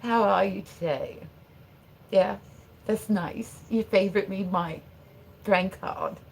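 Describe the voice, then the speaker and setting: A woman's voice: mid-range voice, slow, gravelly, a little mellow, a little hiss or hum, voice pushed up, poor audio. A woman imitating a prim, proper London woman greeting her stream. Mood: sugary. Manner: prim, sugary politeness.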